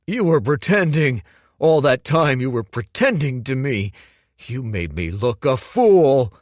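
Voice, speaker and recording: Raging young brute, put on by a narrator, growling, shouting, lively swings, dry sound. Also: male voice, mid-range voice, a little slow, no room sound, voice pushed up. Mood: furious. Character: enraged grieving young brute, huge and hulking.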